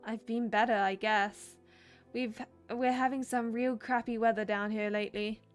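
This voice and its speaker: A woman's voice: fairly high pitch, steady tone, moderate pace, soft background music, lightly acted. A woman reading a reserved young male game lead. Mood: subdued.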